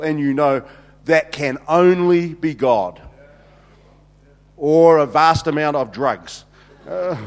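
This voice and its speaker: NZ man preaching, jokey storyteller, slightly high voice, echoing hall. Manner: chatty, jokey, many restarts and "you know"s. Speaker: pastor. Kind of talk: humorous sermon storytelling. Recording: reverberant hall.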